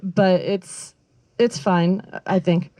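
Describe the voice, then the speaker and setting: A woman's voice: lowish voice, steady tone, slow pace, noisy background. A woman doing a stand-up comedy set outdoors in a backyard, rambling and self-deprecating, with lots of fillers and her own laughter. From Northern California.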